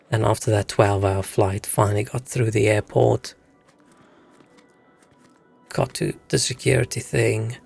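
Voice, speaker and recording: A man's voice: lowish voice, fairly even intonation, measured pace, vocal fry, long pauses, darkish tone, husky, soft background music. A young man from Africa, chatting casually and swearing as he tells stories while streaming a game. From South Africa. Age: young adult. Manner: rambling, swearing storyteller. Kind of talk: casual chat while gaming.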